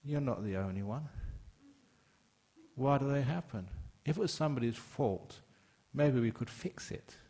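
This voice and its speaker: An older man from England gives a Buddhist dharma talk to a gathered audience. His voice sits at an ordinary middle pitch, and he talks in a relaxed, joking way. He jumps sharply upward for emphasis, then drops back low and quiet. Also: measured pace. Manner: humorous, conversational, emphatic with sudden rises in pitch.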